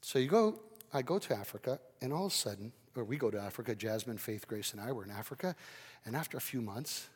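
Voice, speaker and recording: A man preaching a sermon with great energy, his volume swinging from loud to quiet. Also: mid-range voice, expressive, fast, breathy edge, in a large hall. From Canada. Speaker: pastor.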